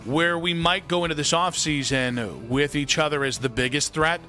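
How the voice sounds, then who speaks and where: Male sports radio host, bright tone, slightly high voice, animated and jokey, studio mic, faint music underneath. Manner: animated, jokey, quick back-and-forth. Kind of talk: sports talk radio banter. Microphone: studio broadcast mic.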